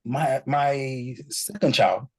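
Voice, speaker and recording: A man's voice: medium pitch, takes it slowly, slightly rough, rough recording. A man, talking casually as a guest and acting out quotes from parents and children. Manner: animated storyteller, acts out quotes. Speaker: guest speaker. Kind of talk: casual chat, code-switching.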